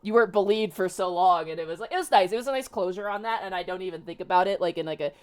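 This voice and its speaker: Low-voiced young woman telling a story. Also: racing, darkish tone. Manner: rambling, many "like"s and restarts. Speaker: streamer host. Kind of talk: casual chat, telling a personal story.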